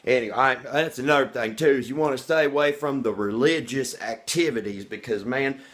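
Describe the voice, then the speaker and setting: A man's voice: medium pitch, a little fast, fairly bright tone, natural voice. A man playing a cocky, crude redneck vlogger who rambles, brags and talks about himself in the third person. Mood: boastful. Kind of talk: comedic character monologue.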